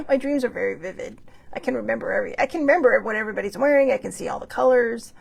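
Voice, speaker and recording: A woman's voice: on the high side, animated, brisk, vocal fry, slightly rough. A woman hosting a show, talking in a rambling, earnest casual monologue full of fillers and restarts, with the odd swear word. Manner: earnest, with bursts of laughter and mild swearing. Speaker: host.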